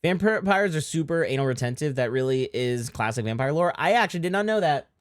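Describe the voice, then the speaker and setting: A man's voice: a little high, animated, brisk, no room sound, studio quality. Joking, crude male streamer. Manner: joking, crude, reacting to clips. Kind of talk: casual live-stream chat.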